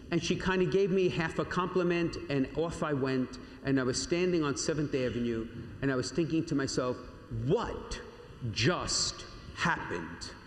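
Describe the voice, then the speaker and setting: A Catholic priest preaches to young confirmation candidates, calling them "my young friends" as he tells a personal story. His slightly high voice slows on key words and uses dramatic pauses, ringing through a large church with long reverb.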